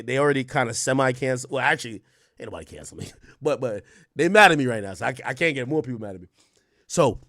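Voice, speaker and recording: A man hosting a livestream, telling a story in casual slang, animated and sometimes loud. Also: medium pitch, dry recording, studio quality. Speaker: streamer host.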